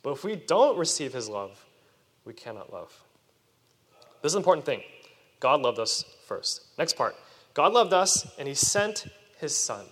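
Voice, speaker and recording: A man preaching a sermon to children, animated and asking his listeners questions. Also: a little high, unhurried, pauses often. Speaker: youth preacher. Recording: long reverb of a hall.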